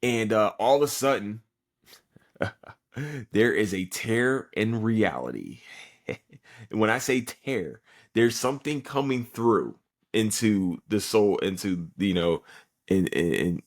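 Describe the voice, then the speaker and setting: A tired man hosts a podcast in a fairly low voice, recapping an anime episode casually. He rambles, swears freely and fills his talk with ums and likes. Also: expressive, slow pace. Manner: rambling and profane, many fillers. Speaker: podcast host.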